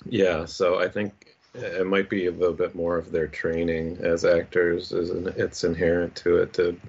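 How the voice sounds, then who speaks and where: A man in casual podcast chat who explains things in a measured way, thinking aloud with ums. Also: sits low, little pitch movement, darkish tone. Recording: muffled with clear background noise.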